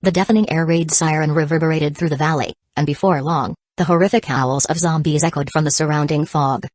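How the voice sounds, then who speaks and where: A woman narrating an action novel as an audiobook, reading in an even, steady way. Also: low voice, fairly quick, dry recording.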